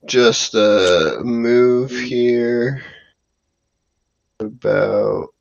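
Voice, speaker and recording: A man playing a tabletop game, talking slowly and hesitantly through his turn. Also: mid-range voice, gravelly, muffled recording. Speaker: player. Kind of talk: casual tabletop game play.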